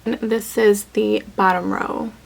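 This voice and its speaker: Chatty young woman with a gravelly edge. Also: medium pitch, steady tone, takes it slowly, low-quality recording. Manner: chatty and playful, talks to herself while applying makeup. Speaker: beauty YouTuber. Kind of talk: casual makeup tutorial chat.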